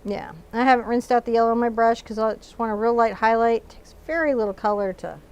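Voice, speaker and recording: A woman's voice: a little high, fast talker, a little mellow, clear, resonant tone, muffled recording. A woman with a Texan accent teaching a live painting lesson in her studio, chatting and narrating each brush step as she paints. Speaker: painting instructor. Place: art studio.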